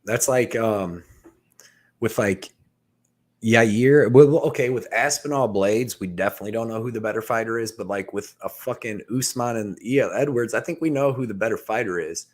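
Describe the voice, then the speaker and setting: Man, co-host, lowish pitch, laid-back, filler-heavy casual talk. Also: normal speed, a little mellow. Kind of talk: casual sports betting chat.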